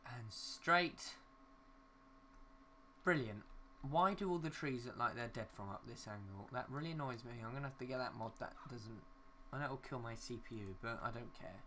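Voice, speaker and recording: A man's voice: mid-range voice, moderate pace, sharp tone, slight background noise. Rambling young man narrating his gameplay. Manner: rambling, talks to himself, mild swearing. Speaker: gaming YouTuber. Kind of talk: casual gameplay commentary.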